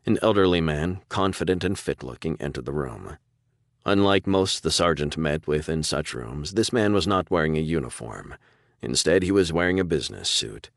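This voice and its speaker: A man narrating an audiobook in a steady, deliberate storytelling manner. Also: sits low, dry recording, clean studio sound. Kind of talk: scripted narration.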